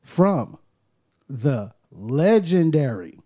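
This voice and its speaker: A man's voice: on the high side, big pitch swings, warm tone, no room sound, clean studio sound. A man hosting a podcast in loose, joking casual banter. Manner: loose, joking, drawn-out emphasis. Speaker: podcast host.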